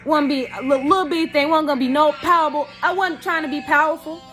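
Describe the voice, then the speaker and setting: A woman's voice: high voice, fairly even intonation, fast talker, a bit bright, soft background music. A woman giving an impassioned personal testimony on her vlog, emphatic and preachy, calling out to "y'all". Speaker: vlogger.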